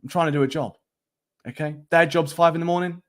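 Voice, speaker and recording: Talking fast with a high, fairly level delivery, a sports podcast host in his late twenties reads comments during a relaxed nighttime live stream at home. Noisy neighbours live above him, and he's jokey and prone to tripping over names.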